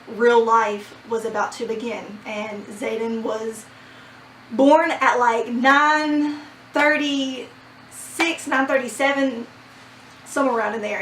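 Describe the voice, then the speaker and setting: Animated young woman telling a story, roomy. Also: on the high side, a little hiss or hum. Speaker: vlogger. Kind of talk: casual storytime. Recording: roomy sound from a distant mic.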